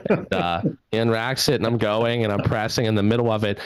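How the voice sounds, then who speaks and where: A man's voice: on the low side, fairly even intonation, fairly quick, clear, resonant tone, no echo. A man in his thirties from southwestern Pennsylvania doing a rambling, self-deprecating stand-up set into his laptop. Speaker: stand-up comedian.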